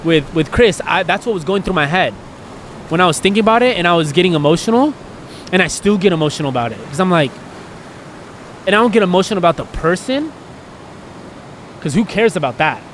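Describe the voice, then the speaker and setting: Earnest male podcast co-host, rambling and emotional, slightly high voice, faint background hiss. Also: lively intonation, fairly quick, pauses often, fairly bright tone. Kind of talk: candid podcast conversation.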